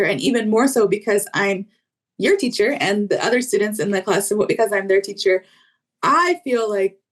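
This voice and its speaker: An American woman with a slightly high voice, talking casually as an English teacher. She fills her sentences with "like" and "you know" and acts out little quoted exchanges with energy. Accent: neutral American, faint Southern roots. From Southern United States. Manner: chatty, many fillers, lively acted-out quotes. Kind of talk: casual interview chat.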